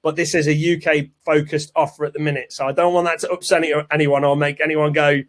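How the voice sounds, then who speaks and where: A man's voice: fairly high pitch, flat delivery, fast talker. A man hosting a live product launch webinar, chatty and salesy. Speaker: webinar host.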